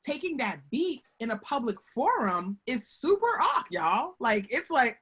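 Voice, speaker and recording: A woman speaking from home over a video call, with a husky voice that swoops high and low. Her tone is bright and fairly high. She talks to her audience in a chatty, animated way and keeps calling them y'all. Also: unhurried, hardly any pauses. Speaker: guest speaker on workplace relationships. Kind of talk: lively webinar talk.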